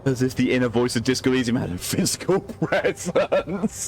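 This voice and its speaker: A man streaming a video game, chatting casually in an animated way, swearing and reading game text aloud. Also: medium pitch, normal speed, a little hiss or hum. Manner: animated, swearing, laughing often.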